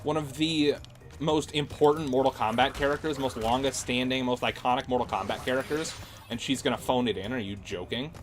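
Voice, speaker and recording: A man's voice: medium pitch, brisk, soft background music. A man streaming games, chatting casually and ranting sarcastically with plenty of swearing. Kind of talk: casual livestream chat.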